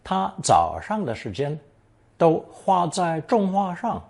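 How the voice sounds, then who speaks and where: Slow, husky man teaching a lesson. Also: high-pitched, wildly swooping pitch, a little mellow. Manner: slow and deliberate, reading example sentences and translating them. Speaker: language teacher. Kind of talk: scripted language lesson narration.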